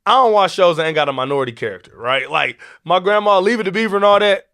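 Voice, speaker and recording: A man hosting a podcast, talking in a casual, animated way with many restarts and an African American English lilt. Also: high-pitched, fast, smooth. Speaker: podcast host. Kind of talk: casual teaching talk.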